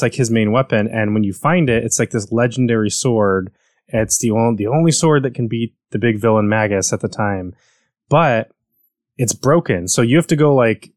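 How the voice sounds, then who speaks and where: A man's voice: lowish voice, dry recording, clean studio sound. An American man chatting casually about video games, rambling and correcting himself as he goes. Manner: rambling, self-correcting, enthusiastic.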